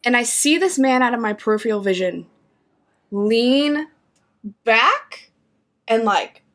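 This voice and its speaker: A woman's voice: on the high side, slow pace. A woman co-hosting a casual chat, telling stories with lots of laughter and acted-out reactions. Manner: animated, laughs often, acts out her own reactions.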